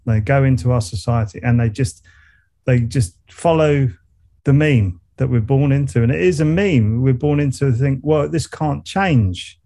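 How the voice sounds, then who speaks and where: A warm, medium-pitched male voice at normal speed belongs to a middle-aged meditation coach and musician from England with a Surrey accent. Appearing as a guest in a casual interview, he's reflective and rambling, with many restarts and laughs.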